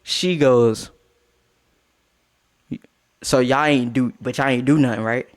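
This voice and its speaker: A young man telling a casual storytime with slang and swearing, breaking into high-pitched outbursts. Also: slow. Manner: animated, swings into high-pitched outbursts when quoting.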